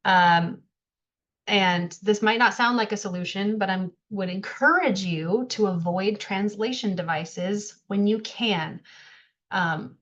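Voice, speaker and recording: A woman's voice: mid-range voice, takes it slowly, fairly bright tone, dull audio. A woman leading an online workshop over a video call, speaking in a friendly, conversational way with frequent fillers. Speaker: workshop presenter.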